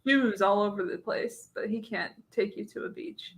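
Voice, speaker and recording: A woman's voice: medium pitch, moderate pace, creaky. A woman in her thirties co-hosting a casual chat, rambling through stories, laughing often and swearing freely. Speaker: co-host.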